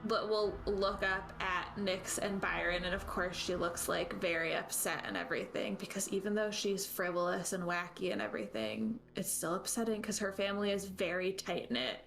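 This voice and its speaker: A woman playing a tabletop role-playing game who talks chattily, with laughing asides. Her voice sits at a middle pitch. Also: normal speed, gravelly, hardly any pauses, fairly bright tone, soft background music. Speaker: player. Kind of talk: casual tabletop play.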